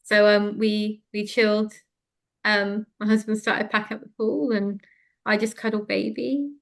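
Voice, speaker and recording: A woman telling a personal story in conversation, frank and lively, with many fillers. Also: mid-range voice, unhurried, vocal fry. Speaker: interview guest.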